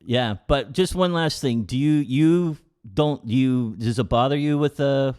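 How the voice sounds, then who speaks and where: A man's voice: medium pitch, a little slow, darkish tone, clean tone. A middle-aged man hosts a casual podcast chat. He is easygoing, prompts his co-host to talk, and lets his sentences trail off into fillers.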